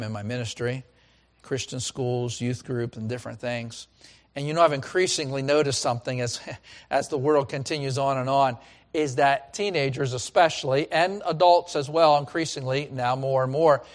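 A middle-aged man preaching a sermon as pastor, swinging from loud calls to hushed lines. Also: a little high.

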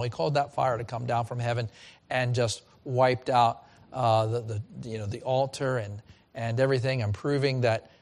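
A man preaching a sermon as pastor, with animated delivery that swings from loud emphasis to hushed asides, often repeating and restarting phrases. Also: medium pitch.

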